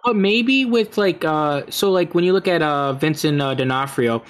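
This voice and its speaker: Hesitant man chatting on a podcast. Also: normal speed. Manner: hesitant, many fillers and restarts, mid-pitched. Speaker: podcast co-host. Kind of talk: casual podcast chat.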